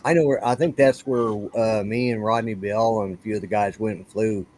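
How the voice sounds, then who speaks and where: Laid-back man with a low voice. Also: fairly even intonation, brisk, darkish tone, a little hiss or hum. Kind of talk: casual live-stream chat.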